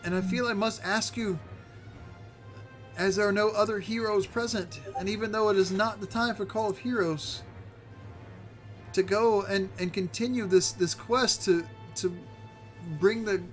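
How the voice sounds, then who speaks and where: A gracious woman in charge, as a man voices her at a fantasy gaming table. She speaks formally and warmly to the heroes, with frequent small stammers and restarts. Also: sits high, fairly even intonation, measured pace, soft background music, pitched above the performer's own voice. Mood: earnest. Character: gracious middle-aged woman leader.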